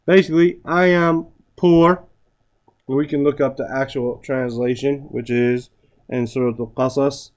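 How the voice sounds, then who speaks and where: At a measured pace and with fairly even intonation, a medium-pitched male teacher delivers a lesson on Arabic grammar. He recites Arabic phrases, translates them, and regularly checks in with "right?"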